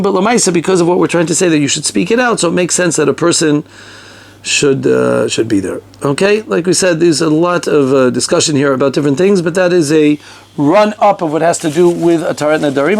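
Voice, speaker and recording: A man teaching a conversational halacha lesson, animated and talkative, mixing Hebrew and Yiddish terms into his English. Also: a little high, gravelly. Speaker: Torah teacher.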